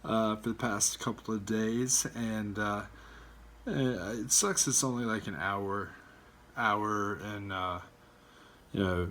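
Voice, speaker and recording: A man ranting casually in a video blog from home, rambling and halting, with many fillers and swearing. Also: fairly low pitch, fairly bright tone. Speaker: fan vlogger. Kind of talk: casual rant.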